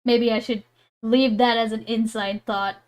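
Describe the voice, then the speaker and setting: A woman's voice: fairly high pitch, steady tone, unhurried, a little mellow. A woman streamer chatting casually and laughing while reacting live. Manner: giggly, rambling, self-deprecating.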